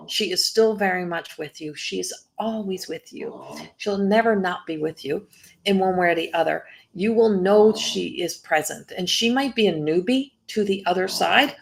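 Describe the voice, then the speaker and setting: A woman's voice: medium pitch, vocal fry. A woman doing a live psychic reading as a medium, talking in a rambling way, breaking off and restarting her sentences, and laughing often.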